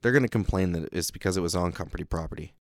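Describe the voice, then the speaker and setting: Male comedy host, improv sketch, deadpan and earnest, low voice, dry close mic. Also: rapid-fire, no room sound.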